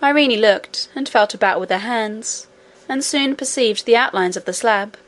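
A woman narrating a classic children's fantasy novel in a gentle, even storytelling manner. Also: medium pitch, normal speed. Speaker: audiobook reader.

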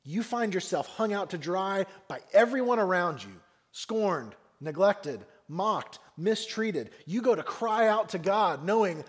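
Lively high-voiced man preaching. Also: measured pace. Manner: expressive preaching, voices the mockers and the psalmist with rising intensity. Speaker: pastor. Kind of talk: sermon.

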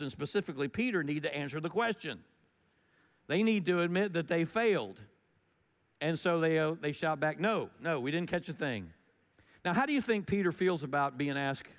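A man delivering a sermon in a relaxed, conversational tone, leaning into the story with swings in loudness. His voice sits a little higher than most men's. It rings out with a long echo, as in a large sanctuary. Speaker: pastor.

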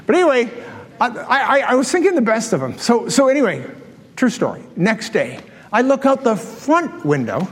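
A middle-aged man and pastor telling a story in a sermon, animated and self-mocking, often laughing at himself. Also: very high voice, moderate pace, slightly rough. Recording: long reverb of a large hall.

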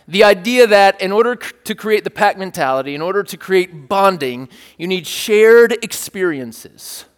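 A man's voice: high voice, moderate pace, in a large hall. A man preaching a sermon, telling a story in a playful, joking way and checking in with his listeners. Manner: animated, playful, joking with the congregation. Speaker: pastor.

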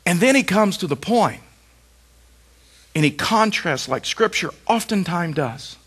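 A man's voice: high-pitched, expressive, measured pace, a bit bright, slightly rough. A middle-aged man pastor preaching a sermon, with emphatic repetition and rhetorical questions.

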